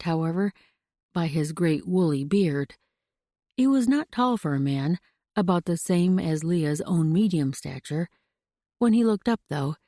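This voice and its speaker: A woman reading a frontier romance audiobook aloud in a measured storytelling manner. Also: lowish voice, dark tone, no room sound, studio quality. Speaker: audiobook narrator. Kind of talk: scripted narration.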